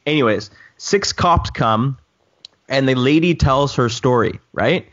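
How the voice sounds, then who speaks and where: A man's voice: medium pitch, lively intonation, a little slow, fairly bright tone. Guy rambling thru a story w his buddies, lots of restarts, kinda muffled audio. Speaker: co-host telling a story. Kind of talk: casual chat among drone pilots.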